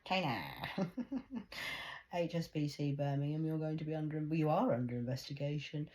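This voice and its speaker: A woman in an agitated ranting monologue to camera, jumping between hushed whispers and loud outbursts and often stumbling over repeated words. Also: low-pitched, fairly even intonation, moderate pace. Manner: repetitive, stumbling restarts. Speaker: vlogger.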